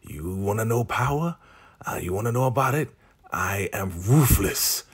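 A man voicing a furious woman who taunts her rival with drawn-out threats, his voice raised above his normal range. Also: fairly low pitch, expressive, husky, pitched above the performer's own voice. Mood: furious, menacing.

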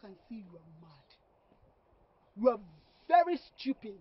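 A woman's voice: fairly high pitch, very animated, slow pace, breathy edge, dry recording, full character voice. A woman playing a proud young woman who sharply scolds a man pestering her. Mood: angry. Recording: dry, dull lo-fi audio.

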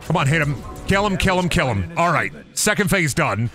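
A man's voice: on the high side, sing-song, moderate pace, a bit bright, faint music behind. Crude joking man streaming a game. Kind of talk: gaming stream commentary.

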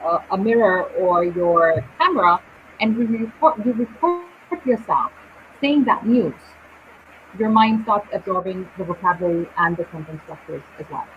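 A woman teaching English in a live online session, speaking slowly and deliberately with clear pauses between words. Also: lowish voice, a little hiss or hum. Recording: dull lo-fi live stream audio.

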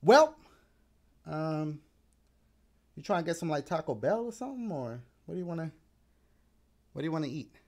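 A man's voice: a little high, big pitch swings, normal speed, long pauses. A man in casual chat, talking to his viewers and his dog in a laid-back, rambling way with playful slang, a little out of breath. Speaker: gaming YouTuber.

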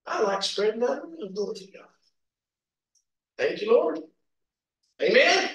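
Man, pastor, lively pitch, preaching, echoey room, mic at a distance. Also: measured pace. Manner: animated storytelling with laughs and acted quotes. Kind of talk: sermon. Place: church sanctuary. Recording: roomy echo, from a distance.

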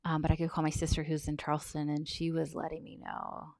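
A woman telling a personal story in a soft, halting, reflective way, often close to a whisper and on the verge of tears. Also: sits low, completely flat delivery, vocal fry, no echo. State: tearful, on the verge of crying. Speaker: vlogger sharing a personal account.

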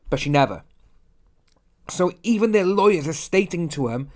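A man's voice: a little high, expressive, a little fast, darkish tone. Blunt man ranting. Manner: blunt, ranting, often mimics others in quotes. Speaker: commentary channel host. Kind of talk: casual opinion commentary.

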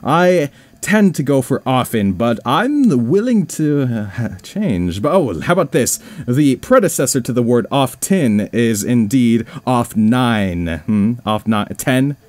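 A man's voice: medium pitch, very animated, takes it slowly, darkish tone, no room sound. A man giving playful, mock-scared commentary over a horror video game playthrough, joking and talking to himself as he goes. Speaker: let's play gamer.

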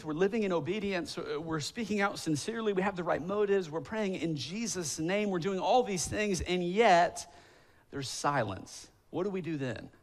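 A man in his thirties, a pastor preaching a sermon in a church, telling stories with self-deprecating humor and acting out pleading prayers. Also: high-pitched. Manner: acts out quoted voices, rising to emphatic pleading. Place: church sanctuary.

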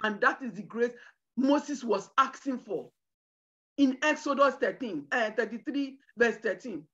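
High, bright-voiced woman preaching a sermon. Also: animated, unhurried, dull audio. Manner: emphatic preaching with shouted bursts and cries of hallelujah. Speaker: preacher at a women's conference.

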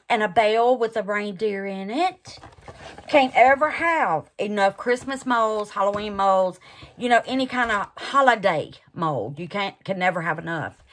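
A woman's voice: medium pitch, a bit bright, a little hiss or hum. A woman hosting a craft channel, unboxing gifts in casual chat and gushing over them with terms like honey and baby.

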